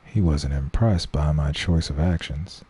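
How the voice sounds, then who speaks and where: Deep-voiced man reading a game aloud. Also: a little slow, dark tone, slightly rough. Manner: casual, swears, voices each character. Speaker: let's play streamer. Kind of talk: reading a visual novel aloud.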